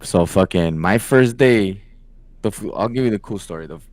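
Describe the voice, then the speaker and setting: A man's voice: on the low side, animated, moderate pace, darkish tone, no echo. A young man co-hosting a podcast, telling a story in casual chat, slangy and profane. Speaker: podcast co-host.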